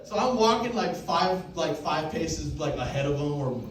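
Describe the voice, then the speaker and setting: A young man tells a crude stand-up story at an open mic, jumping into loud acted-out quotes. His voice sits a little high and carries the echo of a small club, picked up from some distance. Faint room noise stays underneath. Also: lively intonation, normal speed. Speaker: stand-up comedian.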